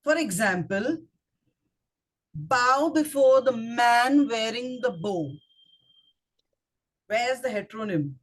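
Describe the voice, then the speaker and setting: A woman with an Indian English accent walks a speaking club through tricky words. Her voice sits slightly high, and she spells terms out letter by letter before testing the group with questions. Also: lively intonation, takes it slowly, pauses often. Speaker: grammarian at a speaking club meeting. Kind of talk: instructive club talk.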